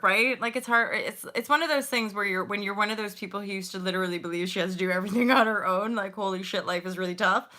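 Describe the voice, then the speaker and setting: Woman in her forties, livestream host; bright, chatty, slangy, laughs easily. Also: medium pitch. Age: 40s. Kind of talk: casual livestream chat.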